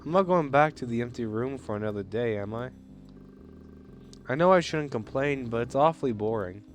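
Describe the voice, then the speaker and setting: A man voicing a frail elderly woman prisoner who talks softly and regretfully in a game. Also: medium pitch, animated, normal speed, soft background music, natural voice. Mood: gentle. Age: older.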